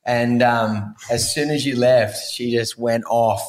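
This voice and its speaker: A man's voice: medium pitch, steady tone, slow, darkish tone. A young man chatting casually as a podcast co-host, laid-back and joking, with casual swearing. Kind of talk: casual chat.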